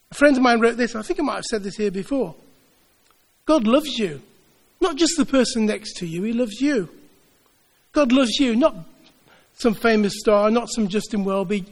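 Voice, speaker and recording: A man delivering a sermon in an earnest, building rhythm, stacking repeated phrases. His voice sits high for a man. It rings out with a long reverb through a church hall. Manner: earnest, repetitive rhetorical build-ups. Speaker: preacher.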